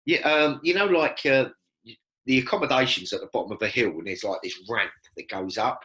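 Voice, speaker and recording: A man, telling lively stories as a podcast guest and acting out quoted lines. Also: mid-range voice, fairly quick, low-quality recording. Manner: animated storyteller, acts out quotes. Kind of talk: casual storytelling chat.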